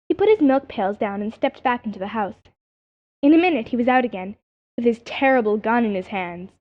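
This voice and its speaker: A woman narrating a children's animal story as an audiobook reader, in an expressive storytelling manner. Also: on the high side, a little fast. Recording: dull lo-fi audiobook recording.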